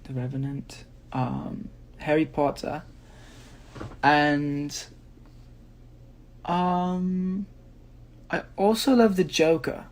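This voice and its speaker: A man's voice: on the high side, fairly even intonation, very slow, long pauses, a little hiss or hum. A man putting on a playful British accent while listing favorite films, with many hesitant fillers. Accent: put-on British.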